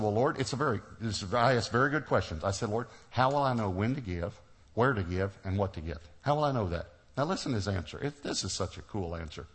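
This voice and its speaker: A middle-aged man preaching to a congregation, telling a personal story, acting out the dialogue and laughing often. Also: mid-range voice. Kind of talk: sermon storytelling.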